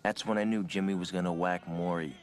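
Guy doing a tired old-school mobster telling the story, flat and confiding, low voice, film score behind. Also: fairly quick, close to an everyday voice. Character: world-weary male gangster recalling his past. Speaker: narrator. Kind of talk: film voice-over narration. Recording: voice-over over film music.

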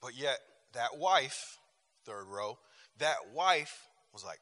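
Male class teacher, emphatic and repetitive, forceful bright tone, church room with long reverb. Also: mid-range voice, expressive, slow pace. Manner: emphatic, repeats phrases and restarts often. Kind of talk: lively class talk with personal stories.

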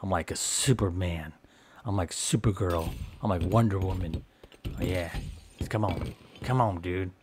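A man's voice: deep voice, a little slow, noisy background. A man giving goofy in-character game commentary, playful and melodramatic, boasting and groaning in mock pain. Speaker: gameplay commentator.

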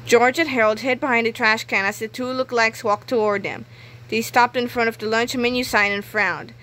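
A woman reading a children's book aloud in a clear storytelling manner. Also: a little high, fairly even intonation, fairly quick, fairly bright tone, a little hiss or hum, poor audio. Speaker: reader.

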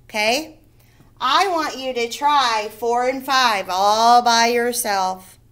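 Slow, patient woman teacher. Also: on the high side, fairly bright tone. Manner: slow, clear, patient, stretching out words syllable by syllable. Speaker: first grade teacher. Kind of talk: recorded remote reading lesson.

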